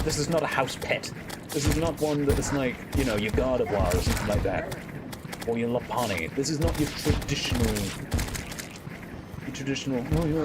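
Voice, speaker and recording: A man's voice: medium pitch, heavy background noise. A young British man streaming a game, chatting casually with friends and bursting into laughter.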